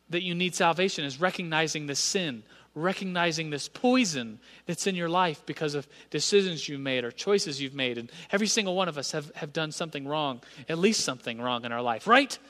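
Thirty-something guy preaching, chatty storytelling, bright voice, big reverb. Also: fairly high pitch, a little fast. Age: 30s. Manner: storytelling, conversational, animated. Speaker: pastor. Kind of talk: sermon. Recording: reverberant church hall.

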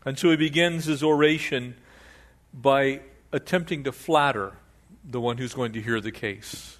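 An older man preaching an expository sermon in an animated, conversational way, often restarting his sentences. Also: medium pitch, moderate pace. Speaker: pastor.

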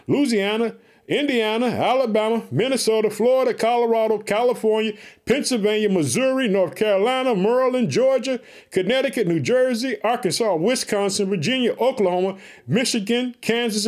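A man preaching an energetic podcast sermon, fervent and repetitive, calling his listeners family and shouting hallelujah. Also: high voice, a little fast. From Chicago, United States. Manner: repeats catchphrases, calls listeners family.

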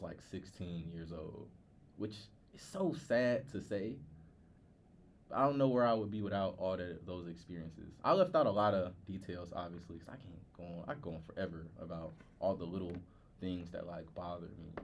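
A young man, a podcast co-host, telling a personal story in a candid, halting way with many filler words. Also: low voice, a little hiss or hum.

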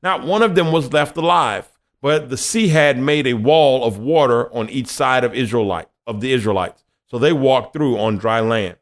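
A man's voice: medium pitch, moderate pace. A young adult man preaching a conversational sermon and reading scripture, acting out quoted voices as he goes.

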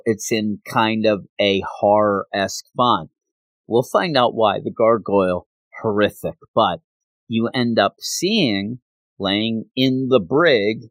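A man casually retelling a comic book story in a chatty, animated way, acting out the scenes as he goes. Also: on the low side, no room sound.

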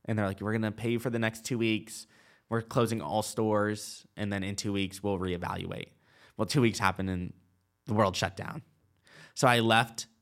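At a normal speed, a man with a voice on the low side, fairly even intonation, and a bit of brightness tells a long personal story. He's a guest in his twenties, chatty in manner, using lots of "like" and quoted dialogue.

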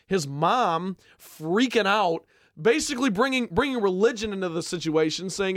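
A man's voice: high voice, expressive, moderate pace, a bit bright, no echo, studio quality. A young man co-hosting a casual reality TV podcast, opinionated and teasing. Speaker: podcast co-host. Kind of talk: casual chat.

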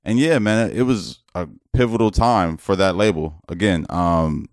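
A man's voice: low-pitched, unhurried, no room sound, clean studio sound. A man co-hosting a podcast, talking casually and opinionatedly, rambling and hedging with "I don't know.". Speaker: podcast co-host. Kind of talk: casual debate chat.

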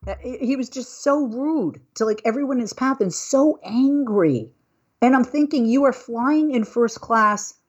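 A woman's voice: fairly high pitch, a little slow, husky, lo-fi sound. A middle-aged woman hosting a talk show, telling a travel story in a chatty way and building into an exasperated rant. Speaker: host. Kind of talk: casual commentary monologue.

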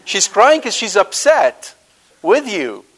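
Animated preacher man with a high voice. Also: slow pace. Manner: animated, questioning the audience, swings between loud and soft. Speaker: Catholic preacher. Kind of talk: sermon to a live audience.

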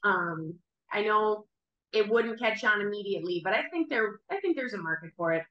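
A woman's voice: medium pitch, expressive, moderate pace, fairly bright tone, muffled recording, slight background noise. A woman from North Dakota co-hosting a podcast, rambling casually and self-deprecating, laughing easily. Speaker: podcast co-host. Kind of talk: casual chat. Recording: roomy echo.

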